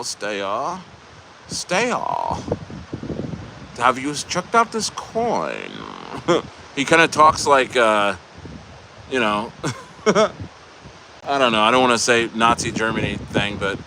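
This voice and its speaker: A man's voice: mid-range voice, pushed and bright, slight background noise. A man hosting a casual crypto livestream, bantering and joking loosely with viewers in the chat. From United States.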